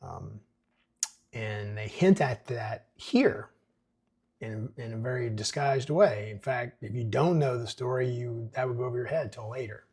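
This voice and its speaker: A man's voice: mid-range voice, measured pace, a little mellow, slightly rough. A man hosting a casual screenplay breakdown, talking in a chatty, rambling way. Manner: chatty, rambling with fillers and restarts. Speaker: screenwriting podcast host.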